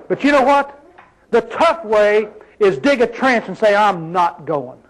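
High-voiced man preaching with emphasis. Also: sing-song, measured pace, rough recording. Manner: emphatic, rhetorical questions to the congregation. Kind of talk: sermon.

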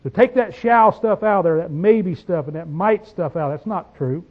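A man preaching a folksy sermon, reading verses slowly and asking the congregation questions, swinging from quiet asides to loud declarations. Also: sits high, lively intonation, lo-fi sound.

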